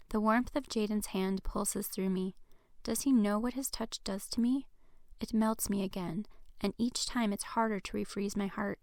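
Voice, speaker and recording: A woman author reading her own novel aloud as first-person audiobook narration, in an even, earnest way. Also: medium pitch, normal speed, dry recording, studio quality.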